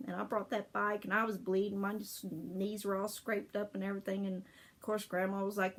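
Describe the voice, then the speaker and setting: A woman's voice: medium pitch, little pitch movement, fairly quick. An older woman telling childhood family stories in a casual, rambling way, laughing often as she remembers. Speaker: storyteller. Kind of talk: casual memorial storytelling.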